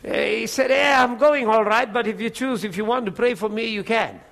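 A male preacher tells a testimony in a lively way, breaking into laughter and acting out each voice in the story. His voice sits high for a man. It has a bright, forceful edge. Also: moderate pace, gravelly. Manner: animated, laughs often while telling the story.

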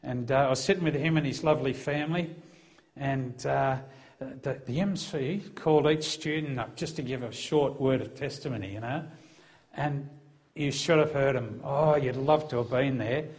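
A man's voice: mid-range voice, normal speed, darkish tone. Man, middle-aged, mid-range voice, conversational testimony to an audience, acts out the quoted dialogue. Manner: conversational storyteller who acts out the dialogue, lifting his voice for quotes. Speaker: former police officer giving a testimony. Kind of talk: personal testimony told to a live audience.

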